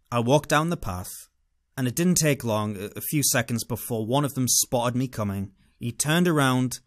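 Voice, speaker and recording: Animated British man telling a story. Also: medium pitch. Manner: dramatic, wry storyteller. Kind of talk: first-person travel storytelling monologue.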